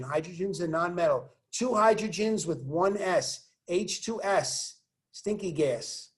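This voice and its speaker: A man teaching chemistry in a recorded online lesson. He walks through the examples with joking asides and keeps urging students to say the formulas out loud. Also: sits high. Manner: encouraging, coaching students to say formulas aloud.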